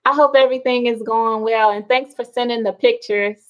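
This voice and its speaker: A woman, an adult with children, talks in a slightly high voice while hosting a relaxed nighttime live stream from home. She reads out viewer comments, chats slowly and laughs often, all on a low-quality recording.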